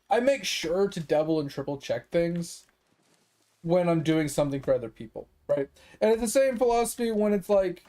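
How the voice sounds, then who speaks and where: A man's voice: high voice, mellow. A man streaming a game live, venting in a frustrated, swearing rant and laughing it off. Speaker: gaming streamer.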